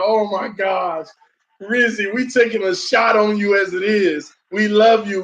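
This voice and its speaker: Through muffled, lo-fi stream audio, a man with a remarkably high voice narrates a live football game. He's theatrical and excitable, lapsing into slang and groaning loudly.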